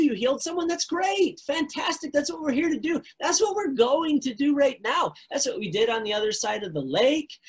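A man's voice: very high voice, voice pushed up, heavily acted. A man playing an exasperated male disciple who fires off incredulous complaints at his teacher in a sermon. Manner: incredulous, rapid-fire complaints.

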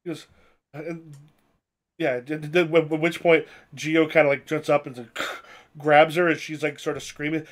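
Guy gm running a tabletop heist, kinda high voice, trips over his words a lot, swears when the dice go bad. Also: fairly even intonation. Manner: halting, many restarts, swearing in surprise. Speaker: game master. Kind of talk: improvised tabletop game narration.

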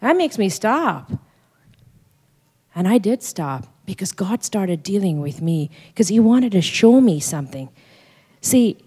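A woman's voice: lowish voice, very animated, measured pace, warm tone, slightly rough. A woman pastor delivering a sermon at a conference, stressing and repeating key phrases and asking the audience questions. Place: conference hall. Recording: long reverb of a large hall.

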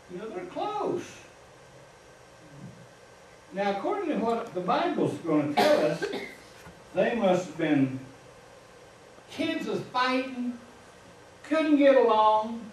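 A man's high, slightly mellow voice carries through a church sanctuary as he gives a folksy, informal sermon in a Midwestern American accent, chuckling at his own asides. He's recorded from a distance in an echoey room, with slight background noise.

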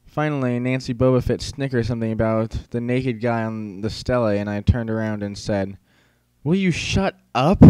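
A man's voice: on the low side, level tone, brisk, few pauses, warm tone, smooth, dry recording. Brief: male audiobook narrator, wry first-person teller, dry close sound.

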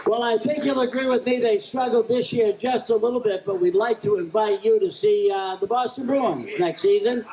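A man calling a live charity auction, joking with the room and rattling off bids in a rapid chant. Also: high-pitched, darkish tone, a little hiss or hum. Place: event hall at a charity gala. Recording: echoey hall with crowd. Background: crowd laughing and chatting.

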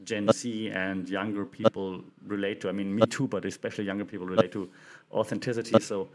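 A man's voice: fairly low pitch, little pitch movement, a little fast. A young man hosting a casual commentary show, talking with enthusiasm and acting out quotes in a livelier voice. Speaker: podcast host.

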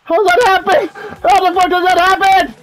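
A woman gamer talking with friends during an online match, loud and profane, yelling warnings and often breaking into laughter. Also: extremely high pitch, level tone, brisk, heavy background noise. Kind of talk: casual game commentary.

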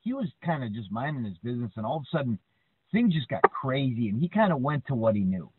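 A podcast co-host chats casually and tells stories with animation, often ending lines with "right?". His medium-pitched voice moves quickly with a breathy edge. The recording is dry and tinny like a phone line, with no echo.

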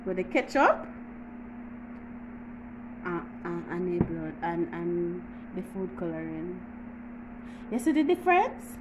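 A woman's voice: on the low side, big pitch swings, slow pace, long pauses, noisy background. A woman with a Jamaican accent hosting a casual home how-to vlog, chatty and teasing, with frequent laughs. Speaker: YouTuber.

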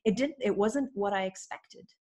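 A woman from Canada, a podcast guest and business coach, telling lively, self-mocking stories in a casual interview. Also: medium pitch, moderate pace, slightly rough.

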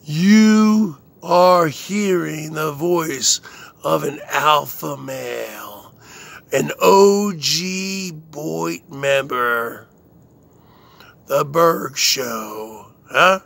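A man hosting his own show, delivering a slow, boastful rant full of drawn-out catchphrases and chuckles. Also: fairly high pitch, animated, creaky, a bit bright. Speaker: host.

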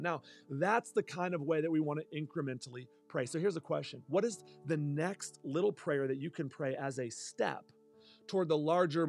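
A man preaches from the pulpit in an earnest pastor's sermon, slipping into spoken prayers along the way. His voice sits a little high and carries a gravelly fry. Faint music plays beneath him.

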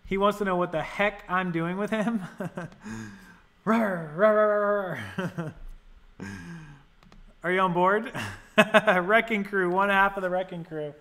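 A man with a high, bright voice hosts a casual livestream. He rambles and thinks aloud while tinkering with settings, and he stops to thank viewers for their donations. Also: fairly even intonation, a little slow. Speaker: livestream host. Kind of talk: casual live-stream chat.

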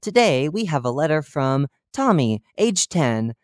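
A reader voicing a cheerful, oblivious male radio talk-show host who chats brightly and drops deadpan dark jokes. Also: medium pitch, measured pace, no room sound, clean studio sound. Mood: chipper. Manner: chipper, chatty broadcast patter with deadpan dark jokes. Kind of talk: horror fiction reading.

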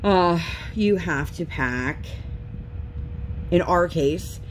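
Extremely slowly and in a lowish voice, a craft vlogger in her thirties rambles about her week while crafting at home. Her manner is chatty and lively, and a little hiss or hum is audible.

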